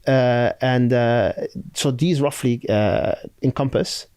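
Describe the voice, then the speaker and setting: A man's voice: medium pitch, slow, a little mellow, smooth, dry recording. A man who is an Islamic scholar, explaining duties in a podcast with Arabic terms. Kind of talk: religious podcast discussion.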